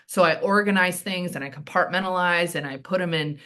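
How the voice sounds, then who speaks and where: A woman in her thirties, a handball player and team director, telling stories in a chatty, animated way as an interview guest. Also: lowish voice, brisk. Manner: chatty, animated storytelling with frequent "like" and "um". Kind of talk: casual interview chat.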